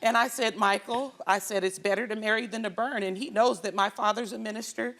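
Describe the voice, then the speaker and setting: A woman's voice: mid-range voice, brisk. A middle-aged woman, a talk show guest, telling her own story with feeling and acting out the people in it. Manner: animated storyteller who acts out her quarrels.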